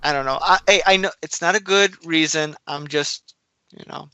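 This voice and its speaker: Bright-voiced rambling man podcasting. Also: a little high, normal speed, clean tone, dry recording. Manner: rambling, laughs at own slips. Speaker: podcast co-host. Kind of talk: casual chat.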